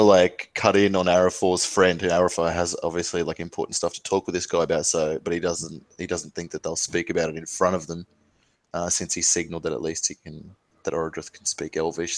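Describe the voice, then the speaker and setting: A man playing a knight in a tabletop game, speaking slowly and hesitantly with many pauses. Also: low-pitched, dry recording. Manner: slow, hesitant with many uhs. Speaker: player.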